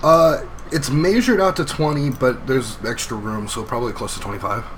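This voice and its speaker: A man's voice: mid-range voice, normal speed, slight background noise. A man co-hosting a casual live stream, laid-back, giving short replies and reading out contest prizes. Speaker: co-host.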